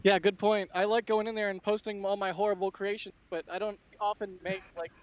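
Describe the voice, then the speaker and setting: High-voiced casual young-sounding co-host man. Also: little pitch movement, a little fast, poor audio. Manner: loose and informal, self-deprecating. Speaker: co-host on a panel. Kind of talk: casual live-stream chat.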